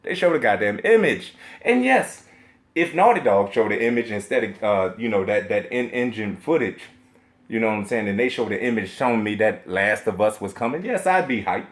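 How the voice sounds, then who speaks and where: A man's voice: lowish voice, animated, moderate pace. A young man ranting on a live stream about video games, profane and emphatic, repeating himself and laughing between points. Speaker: gaming streamer.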